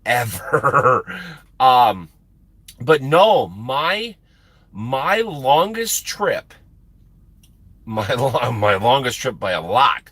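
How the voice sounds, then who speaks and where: Trucker host, forties, rambling emphatic chatter, dry close mic. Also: male voice, mid-range voice, very animated, extremely slow, pauses often, fairly bright tone, breathy edge, dry recording. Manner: rambling, emphatic, repeats words for effect. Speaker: livestream host and truck driver. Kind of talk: casual chat with stream viewers.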